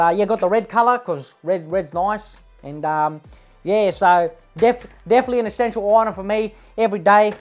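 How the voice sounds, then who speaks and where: A woman's voice: medium pitch, lightly acted. A woman playing a brash young male eshay with an Australian accent, slangy and boastful, tagging every line with "bruh" and "lad", in a comic parody vlog. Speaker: comedy parody host.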